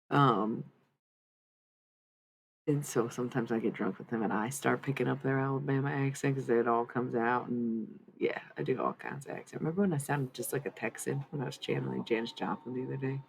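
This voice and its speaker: A woman's voice: a bass voice, creaky, a little mellow, a little hiss or hum. A woman streaming live, chatting in a rambling way and giving a tarot reading, swearing freely. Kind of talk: casual livestream chat and tarot reading.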